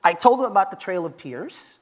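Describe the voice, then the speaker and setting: A man's voice: high voice, very animated, fairly quick. Man giving a storytelling keynote. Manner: conversational storytelling, emphatic. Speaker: keynote speaker. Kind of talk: conference keynote with personal stories. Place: conference stage.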